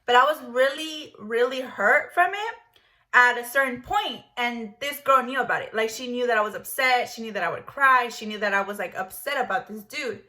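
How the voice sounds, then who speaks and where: A woman's voice: fairly high pitch, moderate pace, bright, forceful tone. A young woman in her twenties telling a personal story in a vlog, blunt and stuttering, with plenty of swearing. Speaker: vlogger.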